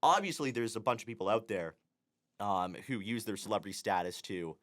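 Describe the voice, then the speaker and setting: Earnest young man, slightly low voice. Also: lively intonation, a little fast, a bit bright. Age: young adult. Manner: earnest, filler-heavy, lots of "you know". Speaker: co-host. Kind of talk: casual chat.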